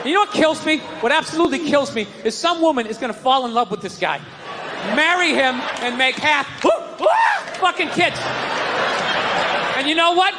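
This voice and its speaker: A man doing a stand-up routine on stage, ranting loudly and often shouting, acting out other people's voices. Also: very high voice, animated, moderate pace. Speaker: stand-up comedian. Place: comedy stage before a live audience. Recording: live club recording with crowd and noise.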